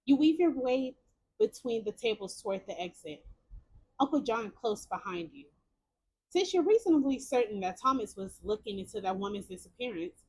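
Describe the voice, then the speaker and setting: A young woman streamer narrates a story game and reacts in excited bursts. Her fairly high voice swoops up and down a lot. She piles up repeated words when something surprises her. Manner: animated, exclamatory, repeats words. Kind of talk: reading a choice game aloud with reactions.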